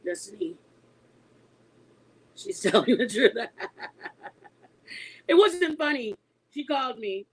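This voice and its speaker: A woman in her forties with a high, breathy, husky voice, telling a story casually to her viewers. She talks emphatically and keeps insisting she's telling the truth. She laughs easily as she goes. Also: takes it slowly, pauses often, poor audio. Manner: animated and emphatic, insisting she is not lying. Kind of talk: casual storytelling to an online audience.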